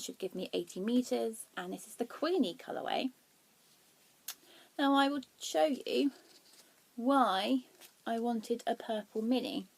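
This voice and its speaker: A young woman hosting a knitting podcast, chatting casually and excitably, laughing at herself as she shows her yarn. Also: a little high. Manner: excitable, giggly, self-deprecating.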